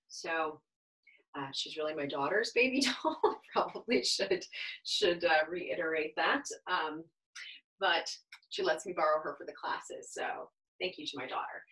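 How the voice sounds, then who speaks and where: A woman yoga instructor leading a baby yoga class for caregivers, talking in a gentle, encouraging, reassuring way with small laughs. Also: fairly low pitch, rough recording. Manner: chatty, with fillers and small laughs.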